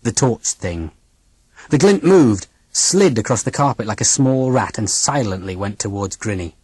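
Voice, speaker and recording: An audiobook narrator telling a first-person story in a dramatic, expressive reading. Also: medium pitch, moderate pace, breathy edge, dry recording.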